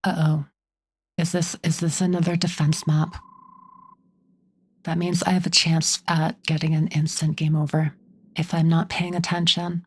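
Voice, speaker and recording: A woman's voice: low voice, little pitch movement, a little slow, pauses often, breathy edge. A woman streamer making wry, joking asides while playing through a game. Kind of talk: game playthrough commentary.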